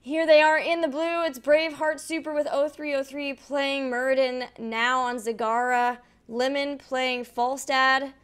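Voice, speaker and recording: A woman casting an esports match, introducing the players and calling the action in brisk, upbeat play-by-play. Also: high voice. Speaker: esports caster. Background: faint game music.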